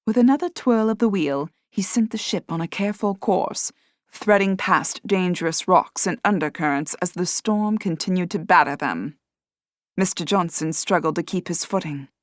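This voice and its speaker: A woman narrating an audiobook in a measured, expressive way. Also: lowish voice, no echo, studio quality. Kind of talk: scripted narration.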